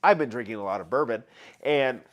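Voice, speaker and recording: A man's voice: medium pitch, lively intonation, a little fast. A man hosting a casual live stream, chatting with viewers, greeting them by name and running giveaways. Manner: chatty, reads out viewer names and shouts greetings. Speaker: livestream host.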